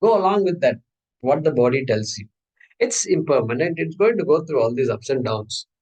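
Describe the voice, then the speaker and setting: A man's voice: medium pitch, animated, normal speed, a little mellow, breathy edge, low-quality recording. A man teaching a scripture class in a conversational way, asking his students questions. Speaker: Vedanta teacher.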